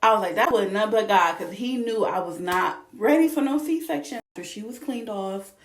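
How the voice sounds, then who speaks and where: A young woman telling her birth story in a lively, expressive way, with features. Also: medium pitch, fairly quick, slight background noise. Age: young adult. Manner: animated, expressive, vivid retelling. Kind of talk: casual storytelling to camera. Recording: roomy echo.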